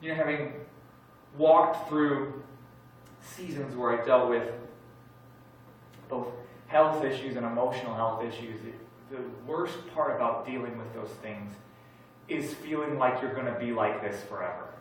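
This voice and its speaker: A male pastor delivers a sermon in a candid, joking, self-deprecating way, jumping from loud emphasis to hushed asides. His mid-pitched voice rings around a large sanctuary. He sounds set well back from the microphone. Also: unhurried, a little hiss or hum. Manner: animated, swings between loud and quiet. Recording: echoey church hall from far off.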